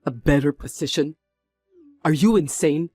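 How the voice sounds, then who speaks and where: A man's voice: a little high, normal speed, a little mellow, no room sound, faint music behind, natural voice. A man playing a stern, reproachful young executive. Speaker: company executive, the son.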